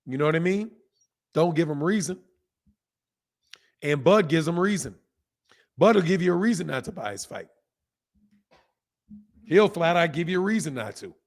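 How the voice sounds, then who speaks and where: Livestream boxing host, hoarse man, a bit high-pitched, talks straight at chat and repeats himself. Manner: reads out chat comments. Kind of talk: casual livestream commentary.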